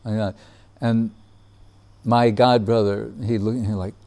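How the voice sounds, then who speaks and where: A man telling a personal memory in casual storytelling, relaxed, laughing often and acting out what others said. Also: lowish voice, measured pace.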